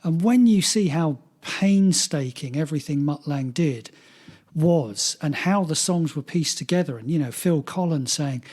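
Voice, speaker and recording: A man's voice: a little high, expressive, measured pace, darkish tone. A middle-aged man co-hosting a podcast, chatting casually in a rambling way, laughing and swearing as he goes. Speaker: podcast co-host. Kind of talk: casual chat.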